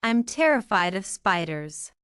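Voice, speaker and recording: Crisp, dry-voiced woman reading phrases. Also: mid-range voice, sing-song, a bit bright, dry recording. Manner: measured, carefully enunciated, repeats each phrase. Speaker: English teacher. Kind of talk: scripted reading of example phrases.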